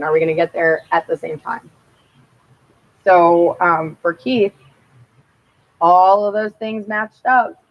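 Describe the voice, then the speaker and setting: Woman, low-pitched, blunt and profane, rambling chat, dull lo-fi sound. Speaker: vlogger telling personal stories. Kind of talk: casual monologue.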